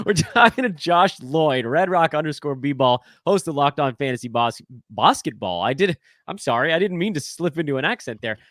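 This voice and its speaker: A man hosting a casual fantasy sports podcast, asking questions in a lively, joking, self-deprecating way. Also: fairly high pitch, moderate pace, no echo, studio quality. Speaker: podcast host.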